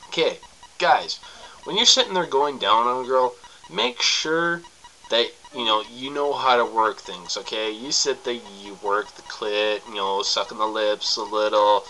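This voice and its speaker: Crude joking young man, bright voice. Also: medium pitch, expressive, unhurried, a little hiss or hum, low-quality recording. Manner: crude, joking, rambling with frequent coughs and laughs. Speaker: vlogger giving sex tips. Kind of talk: casual to-camera advice.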